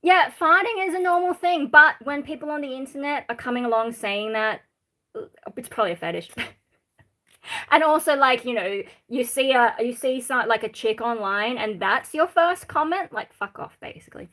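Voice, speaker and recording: Australian woman, raised in Sydney, voice a touch high, chatty rambling stream host answering chat. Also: lively intonation, moderate pace, bright, forceful tone. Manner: rambling, reads chat comments aloud and answers them. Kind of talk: casual live-stream chat.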